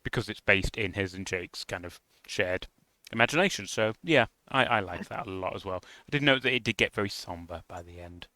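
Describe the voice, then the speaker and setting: A man's voice: sits low, animated, fairly quick, sharp tone, dry recording. A man co-hosting a casual podcast, agreeing often and reacting with enthusiasm. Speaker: podcast co-host. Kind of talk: casual chat.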